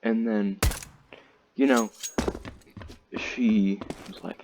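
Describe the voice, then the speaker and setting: Low, slow-talking teen guy rambling. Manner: rambling, profane, frequent "like" and "dude". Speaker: storyteller. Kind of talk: casual storytime. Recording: slightly dull lo-fi audio, faint noise.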